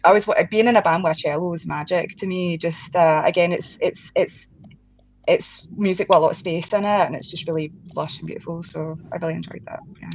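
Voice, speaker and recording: A woman's voice: lowish voice, fairly even intonation, brisk, darkish tone, dry recording. A woman guest musician in a casual interview, chatting with frequent laughs, fillers and restarts. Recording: dull lo-fi sound with faint background noise.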